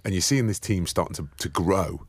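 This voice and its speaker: A man with a Sunderland accent co-hosting a casual rugby chat, animated and jokey as he tells stories. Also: sits low, a little fast, breathy edge, dry recording, clean studio sound. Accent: Sunderland English. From England. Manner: animated storyteller, jokey banter. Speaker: podcast co-host.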